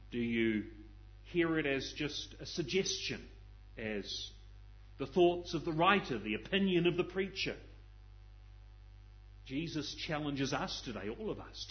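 A man preaches a sermon, putting earnest questions to his listeners and repeating phrases as he searches for words. His voice sits a little high for a man. The recording is dull and lo-fi. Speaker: pastor.

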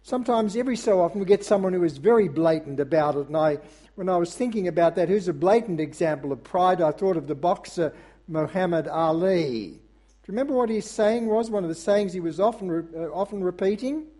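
A man delivering a sermon with a high-pitched voice that stays mellow and soft-edged. He speaks earnestly and at a measured pace, addressing the congregation directly and pausing now and then on small filler sounds. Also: animated. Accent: non-American English. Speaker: pastor.

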